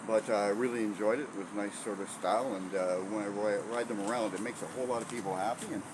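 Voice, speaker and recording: A man, an inventor guest, talking earnestly and haltingly with many fillers. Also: fairly low pitch, fairly even intonation, noisy background. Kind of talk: casual interview chat.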